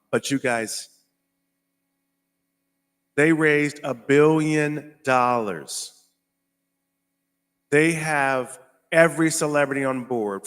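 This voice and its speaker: Brief: American male host, mid-pitched voice, emphatic, repeats himself, slows down for emphasis. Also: pushed and bright. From United States. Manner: emphatic, repetitive, slows down to stress points. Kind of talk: casual commentary show.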